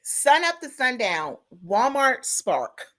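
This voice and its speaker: Woman, 40s, podcast host, casual storytelling, bright tone, very lively pitch. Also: takes it slowly. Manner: animated storytelling, talks back to the audience with "y'all" and "girl". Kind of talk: casual chat.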